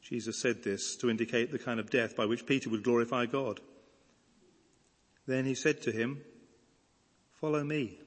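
A man reading a Bible passage aloud in church, in a measured, expressive reading voice. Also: medium pitch, slightly rough, long reverb tail. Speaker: scripture reader. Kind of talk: scripture reading.

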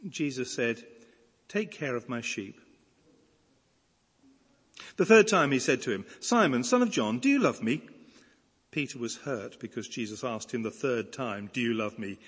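A man reads scripture aloud in a church. His voice is slightly husky, and a long reverb trails each phrase through the large hall. The reading is measured and expressive. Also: medium pitch. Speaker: scripture reader.

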